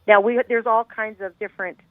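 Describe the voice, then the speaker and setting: Over a tinny, dry phone line, a middle-aged grieving mother tells her story as a guest, intense, rambling, and heartfelt. Her voice is fairly high with a steady tone, and she speaks fairly quickly.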